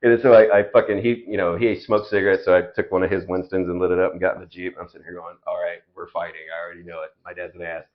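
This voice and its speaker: Fast-talking man with a very low voice. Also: level tone. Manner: profane, rambling, laid-back. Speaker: podcast guest. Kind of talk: casual storytelling. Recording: dull lo-fi sound.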